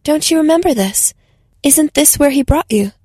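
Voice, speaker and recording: A woman's voice: high-pitched, expressive, moderate pace, darkish tone, no echo, clean studio sound, pitched above the performer's own voice. A woman voicing a bold, scheming young female filmmaker who talks in an urgent, insistent way. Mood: eager.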